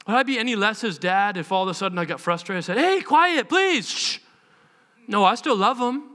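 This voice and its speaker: A man preaches a sermon during a church service in a high, ringing voice. He speaks with earnest passion and slips into the voices of others as he tells stories. His tone is bright and forceful. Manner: earnest and impassioned, acts out voices and prayers. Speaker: pastor. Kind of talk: live sermon.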